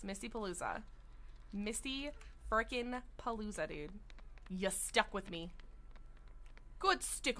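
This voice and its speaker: A young woman streaming a game, chatting excitedly with viewers and breaking into sing-song outbursts. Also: mid-range voice. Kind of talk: live gameplay commentary. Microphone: studio desk mic.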